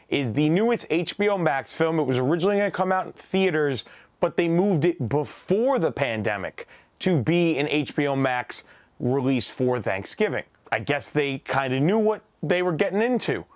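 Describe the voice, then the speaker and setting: A man casually reviewing a film, with a sarcastic, joking delivery and deadpan asides. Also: mid-range voice, dry recording. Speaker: movie reviewer. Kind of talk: casual movie review vlog.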